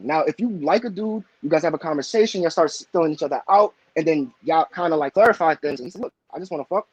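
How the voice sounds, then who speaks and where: Guesting on a live talk show, a man argues brashly and insistently in a casual debate, often talking over others. His voice is high and husky.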